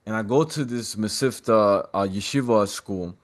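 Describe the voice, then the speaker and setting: A man who is a guest on a podcast, telling animated personal stories in a casual, slangy, streetwise way. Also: lowish voice, normal speed.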